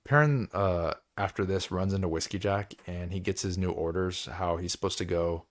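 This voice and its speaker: A man's voice: sits low, normal speed. A man hosting a book club, recapping chapters in a loose, rambling way, with lots of filler words and frequent laughs.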